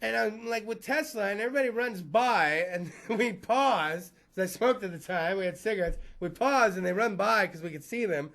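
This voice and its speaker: A man's voice: high voice, moderate pace, hardly any pauses, a bit bright. A man hosting a podcast, telling rambling comic stories full of profanity and frequent laughter. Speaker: podcast host. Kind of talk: comedic storytelling monologue.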